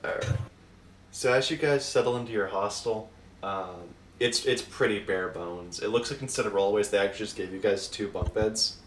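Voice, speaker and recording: Guy gm rambling thru the scene, um and uh a lot, lower voice, echoey room. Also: normal speed, a little hiss or hum. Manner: rambling, chuckling, lots of fillers. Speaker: game master. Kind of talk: narrating a tabletop game.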